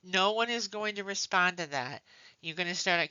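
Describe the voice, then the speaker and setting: A low-pitched woman teaching a nursing class in a relaxed, conversational way, pausing to ask "okay?" and weaving in stories from the ward. Her voice has a bright, forceful edge. The recording is dry and a little dull and muffled. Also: clean tone, no room sound. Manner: conversational, checks in with "okay?", tells work stories. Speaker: nursing instructor. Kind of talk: classroom lecture.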